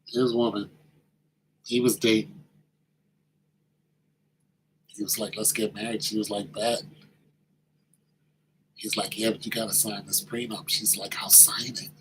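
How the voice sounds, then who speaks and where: A man telling a story in a casual monologue, animated and slangy, acting out the quoted voices. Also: on the low side, unhurried, pauses often, slight background noise, low-quality recording.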